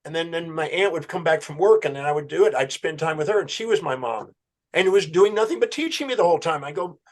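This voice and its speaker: A man's voice: on the high side, fast talker. A man telling a story as a podcast guest, acting out a client's words and his own questions. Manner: animated storyteller, quoting a client's answers.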